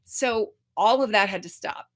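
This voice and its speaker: A woman's voice: medium pitch, measured pace. A woman guest in a podcast interview, telling her story candidly and acting out voices.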